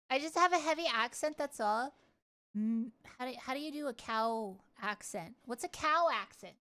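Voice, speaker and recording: A woman rambles playfully through a live stream, dropping curses without a second thought. Her voice sits a little high and comes through smooth and crisp. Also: animated, unhurried, pushed and bright. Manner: chatty, playful, swears freely. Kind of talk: casual livestream chat.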